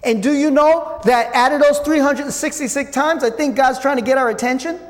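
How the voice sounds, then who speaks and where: Preacher, male, conversational Bible teaching, lively swings from loud to hushed, long reverb of a hall. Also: very high-pitched, a little fast. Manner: conversational, addresses listeners as guys.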